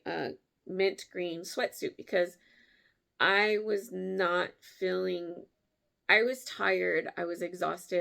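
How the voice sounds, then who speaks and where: A woman vlogger telling a story in a casual way, animated, laughing often and jumping her voice up to act out what people said. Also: vocal fry. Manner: animated, acts out quotes with big pitch jumps.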